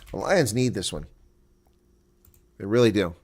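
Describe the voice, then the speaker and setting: A man's voice: lowish voice, expressive, moderate pace, darkish tone, slightly rough. A man hosting a casual live rugby watch-along, chatting loosely, laughing often and reading viewer comments aloud.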